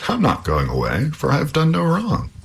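A man's voice: a little high, huge pitch swings, normal speed, creaky, breathy edge, pitched above the performer's own voice, exaggerated voice. A man playing a bold, stubborn young hero. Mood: defiant. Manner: defiant, insistent.

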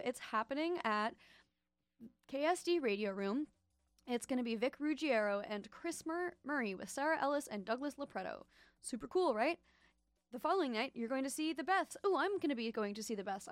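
A woman's voice: high voice, lively intonation, fairly quick, no echo. A young woman hosting a radio show, chatting casually in a rambling, playful, self-interrupting way between event listings.

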